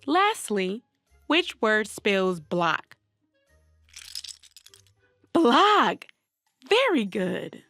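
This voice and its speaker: A woman's voice: on the high side, very animated, very slow, long pauses, a bit bright, soft background music. A woman leading a reading lesson for young children, prompting them and praising their answers encouragingly.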